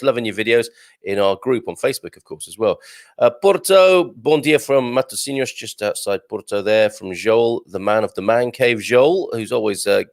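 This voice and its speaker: Male live-stream host, slightly low voice, chatty and filler-heavy, reads and greets viewer comments. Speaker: host of a live morning show.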